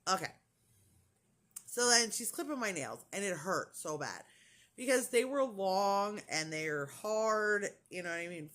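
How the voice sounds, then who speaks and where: Woman vlogger rambling through a story, lots of likes and ums, voice jumps up and down a lot. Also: medium pitch. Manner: animated, retells dialogue with lots of "like" and fillers. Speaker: crafting vlogger. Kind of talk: casual storytelling chat.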